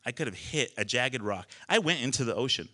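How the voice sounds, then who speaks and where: A man telling a personal story on a small live stage, animated, laughing often and swearing casually. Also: mid-range voice, a little fast.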